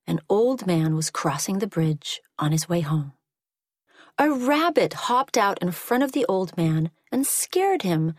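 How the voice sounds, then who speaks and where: Woman reading a fairy tale really slowly, dry close mic. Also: on the low side, no echo. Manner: slow, measured storytelling. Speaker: storyteller. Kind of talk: scripted story narration.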